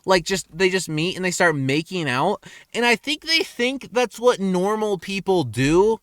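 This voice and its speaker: A young man rambling in a casual rant, crude and self-mocking, his pitch jumping up and down. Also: lively intonation, a little slow, fairly bright tone, dry recording, clean studio sound. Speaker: vlogger. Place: car in a parking lot at night.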